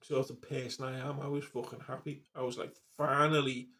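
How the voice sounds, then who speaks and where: Brief: fifties guy, gravelly voice, loose sweary storyteller. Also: mid-range voice, little pitch movement, fairly quick. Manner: swears constantly, trails off, restarts sentences. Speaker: vlogger. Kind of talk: casual rambling monologue.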